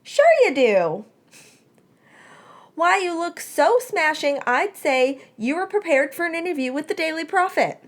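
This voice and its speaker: A woman's voice: sits high, big pitch swings, a little slow, voice pushed up. A woman voicing a teenage boy wizard who is wry and teasing, with a dry, joking, mock self-pitying manner.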